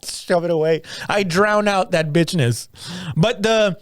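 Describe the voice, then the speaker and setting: A man, a stand-up comic, chatting crudely on a podcast, laughing often and telling animated stories. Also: high-pitched, unhurried, dry recording, studio quality. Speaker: podcast co-host. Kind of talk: casual comedian chat.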